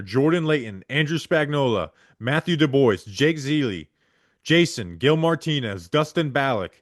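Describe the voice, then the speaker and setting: A man hosting a podcast, reading supporter names aloud in quick succession and stumbling over the hard ones. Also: a little high, no room sound, studio quality. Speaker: podcast host.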